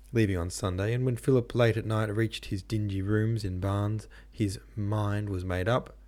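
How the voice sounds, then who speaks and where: A man's voice: fairly low pitch, mellow. A man hosting a podcast, reading a classic novel aloud and chatting casually afterwards with joking asides. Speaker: podcast host and reader.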